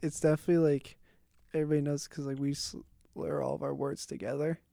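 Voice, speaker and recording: A man's voice: on the high side, fairly quick, vocal fry, no room sound. Pittsburgh guy, barely any accent left, easygoing podcast chat, lots of "like", dry sound. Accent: faint Pittsburgh. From Pittsburgh, USA. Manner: relaxed, lots of "like". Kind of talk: casual chat.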